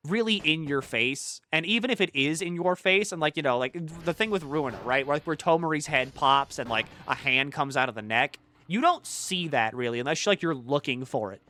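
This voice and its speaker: Male streamer, rambling casual chat, bright tone, very lively pitch. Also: a little fast, few pauses. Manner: rambling, excitable, swears freely.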